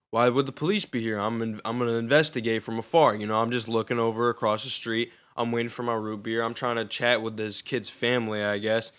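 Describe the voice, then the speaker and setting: A man's voice: mid-range voice, a bit bright, clear, resonant tone. A young man casually telling a personal story in loose, profane, slangy talk.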